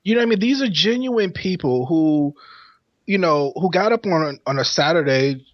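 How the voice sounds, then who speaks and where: A man co-hosting a casual podcast, telling a story in an animated way and laughing often. His voice sits slightly high. The recording is dry and a little dull, like lo-fi podcast audio. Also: moderate pace, no echo. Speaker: podcast co-host.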